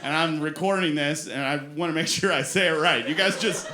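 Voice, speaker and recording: Speaking fairly quickly with a fairly high pitch, a forties-aged comedian performs stand-up in a club, playfully mocking himself in his stories. The audio has a roomy club sound and audience laughter.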